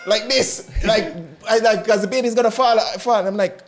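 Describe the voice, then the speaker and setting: Young guy, pretty high voice, animated, laughing and doing voices as he tells it. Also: normal speed. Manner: lively, laughs often, acts out voices in his story. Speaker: interview guest, father. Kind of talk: animated personal storytelling.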